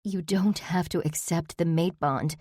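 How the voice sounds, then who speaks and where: A woman's voice: lowish voice, steady tone, unhurried, a little mellow, husky, dry recording, studio quality. A woman voicing a young female wolf shifter who pleads and persuades in an urgent, coaxing way.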